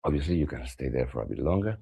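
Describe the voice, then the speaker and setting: A very deep-voiced man leads a morning stretching class. His cues are calm and instructive, and his voice sinks soft and low when he stresses a word. Now and then he stops on fillers while he explains a point. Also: quick pace, gravelly, breathy edge. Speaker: yoga and somatic practice teacher.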